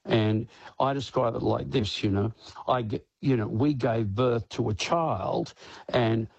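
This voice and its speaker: Older aussie guy on the radio, husky voice, keeps saying you know, dry close sound. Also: mid-range voice, a little slow, darkish tone, no room sound, dull audio. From Australia. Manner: rambling, frequent "you know", acts out quotes. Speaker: guest musician. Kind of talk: radio interview.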